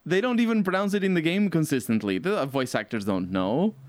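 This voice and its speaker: A man's voice: on the high side, fairly quick, no echo. A man in casual podcast chat, ranting with exasperated energy and laughing between points. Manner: animated, exasperated rants with laughs.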